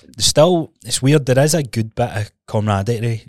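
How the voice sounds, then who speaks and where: A man co-hosting a podcast, relaxed in conversation, laughing easily and asking short questions. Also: mid-range voice, moderate pace, no echo, studio quality. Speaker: podcast co-host. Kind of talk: casual chat.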